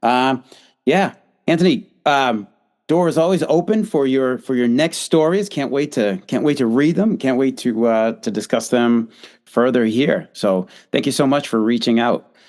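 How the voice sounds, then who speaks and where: Boston-accented male podcast host, encouraging interviewer, mid-pitch voice. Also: moderate pace, darkish tone. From United States. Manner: short encouraging backchannels, friendly sign-off.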